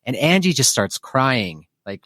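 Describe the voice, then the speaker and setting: A man's voice: medium pitch, very animated, measured pace, fairly bright tone, no echo, studio quality. A man hosting a podcast who chats in an upbeat way and tells stories freely. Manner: upbeat, chatty storyteller. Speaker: podcast host. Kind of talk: casual interview chat.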